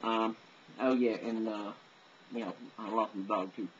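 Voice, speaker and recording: A man's voice: lowish voice, steady tone, normal speed, muffled recording, slight background noise. A man talking casually about voices he can imitate, rambling, with many fillers and self-deprecating asides. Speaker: amateur voice impressionist. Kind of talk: casual monologue.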